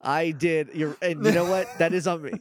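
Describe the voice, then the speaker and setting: A man co-hosting a podcast, chatting casually about a show, laughing often and mimicking characters in quick asides. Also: a little high, steady tone. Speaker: podcast co-host. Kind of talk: casual chat recapping a show.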